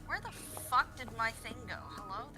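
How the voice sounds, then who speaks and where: A woman's voice: on the high side, animated, normal speed, over music. A woman playing in a tabletop game, scattered and swearing freely. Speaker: player. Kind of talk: casual tabletop game chat.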